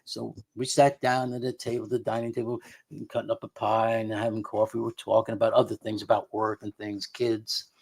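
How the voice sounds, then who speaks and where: A man's voice: lowish voice, level tone, fairly quick, creaky, a little mellow, slightly rough. A middle-aged man, a guest on a radio show, telling a personal story in a rambling way full of restarts and quoted dialogue. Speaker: guest investigator of the unexplained.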